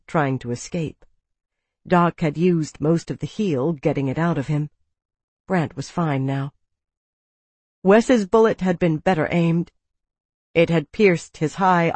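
A narrator reads a first-person story in a quiet, somber way. The voice sits at a middle pitch. It is recorded close and dry, with no room sound. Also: dry recording. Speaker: audiobook narrator.

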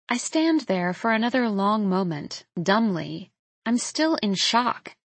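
A young woman narrating a novel in the first person, in a reflective, intimate, measured way. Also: medium pitch, animated, fairly bright tone, no echo. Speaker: audiobook narrator.

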